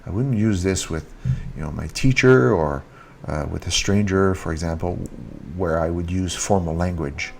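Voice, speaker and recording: A man teaching grammar in a video lesson, repeating example sentences and lifting his pitch on the question words. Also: moderate pace, vocal fry, hardly any pauses, a little hiss or hum. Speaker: French teacher.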